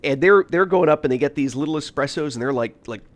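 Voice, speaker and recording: A man from the United States, streaming a game and telling casual stories, animated, laughing often and full of fillers. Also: on the high side, quick pace. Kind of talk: casual storytelling while gaming.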